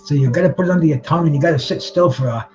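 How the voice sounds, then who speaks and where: A man's voice: on the high side, very fast. Rambling man hosting a live boxing stream. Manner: rambling, greets chat viewers by name; restarts and repeats words often. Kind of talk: casual live-stream chat. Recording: dull lo-fi sound with faint music behind.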